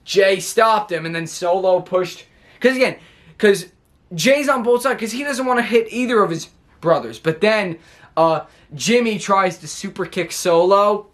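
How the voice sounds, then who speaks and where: A man with a noticeably high-pitched voice runs through a casual recap vlog. He rambles and circles back as he retells what happened, like someone chatting straight to his viewers. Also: unhurried, fairly bright tone. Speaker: wrestling show reviewer.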